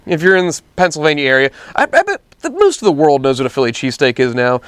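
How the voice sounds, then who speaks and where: Guy with a high voice telling a bar story, acts out the quotes, dry close sound. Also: quick pace, clear, resonant tone, dry recording. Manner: animated storyteller acting out quotes. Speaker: podcast co-host. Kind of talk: casual storytelling.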